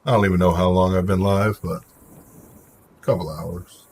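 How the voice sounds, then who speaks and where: Low-voiced and unhurried, this livestream host speaks with fairly even intonation over slight background noise. He's casual and opinionated, reacting to viewer comments and addressing people in chat by name.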